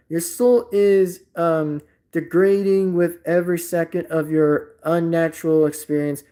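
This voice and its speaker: A man's voice: fairly high pitch, dark tone. A man live streaming in casual chat, rambling and repeating himself, swearing indignantly at a rude comment.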